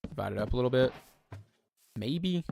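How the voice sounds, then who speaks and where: A man's voice: mid-range voice, lively intonation, normal speed, vocal fry, background noise. A man casually thinking aloud while playing a building game live, poking fun at himself and chatting to his viewers. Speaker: streamer. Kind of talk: casual live gameplay commentary. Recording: music playing behind the voice.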